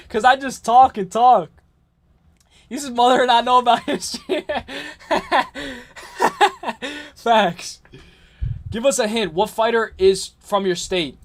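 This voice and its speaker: A man's voice: high voice, normal speed, long pauses. A young man from the New York area hosting a late-night livestream. He rambles casually, answers chat messages and laughs often. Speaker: livestream host.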